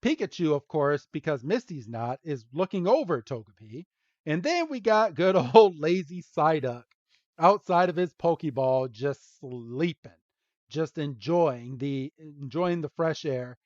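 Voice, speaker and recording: A man's voice: on the high side, big pitch swings, unhurried, darkish tone, dry recording. A man hosting a podcast, recapping a cartoon episode in a loose, rambling way and chuckling often. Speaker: podcast host. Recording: dull lo-fi dry sound.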